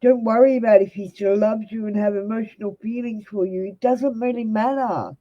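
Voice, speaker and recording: A woman's voice: on the high side, steady tone, a little fast, muffled recording. A young Australian woman reading tarot live for viewers, giving blunt, direct advice. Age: young adult. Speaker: tarot reader.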